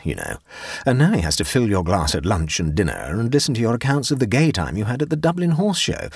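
Man doing a sly, deadpan young gentleman. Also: medium pitch, gravelly, slightly rough, no room sound, studio quality, voice pushed up, full character voice. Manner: measured, deadpan, arch delivery. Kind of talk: audiobook character voice.

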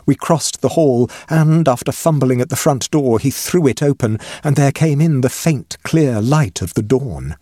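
Husky man reading a ghost story. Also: mid-range voice, moderate pace, few pauses, no echo, studio quality. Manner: expressive, lively storytelling. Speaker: narrator.

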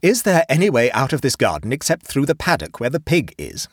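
A man's voice: medium pitch, huge pitch swings, a little fast, breathy edge, no room sound, clean studio sound. A man voicing a prim, flustered middle-aged lady in a storybook reading, talking stiffly and with growing exasperation. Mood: exasperated. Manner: reluctant, stiff, increasingly exasperated.

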